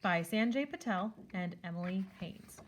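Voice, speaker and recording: A woman on a school's staff reading a children's picture book aloud with expressive storytelling. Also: mid-range voice, moderate pace, slight background noise.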